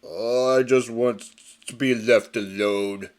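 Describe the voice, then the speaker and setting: A man voicing a gruff, surly pig strongman who drawls slowly and menacingly. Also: medium pitch, steady tone, a little mellow, natural voice.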